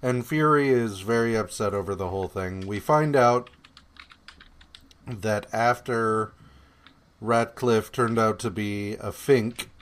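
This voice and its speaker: A man's voice: lowish voice, slow, a bit bright, smooth. A man co-hosting a podcast, recapping comic issues in casual chat with lots of fillers, swearing and sarcastic paraphrases of the characters. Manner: meandering, profane, many fillers and hesitations. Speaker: podcast co-host.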